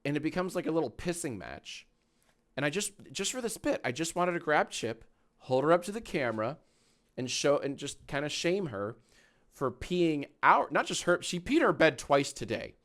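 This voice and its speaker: A man in his thirties chatting casually on a live stream from a small home office, animated and swearing freely. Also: fairly high pitch, normal speed. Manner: animated, swearing, baby talk to his dog.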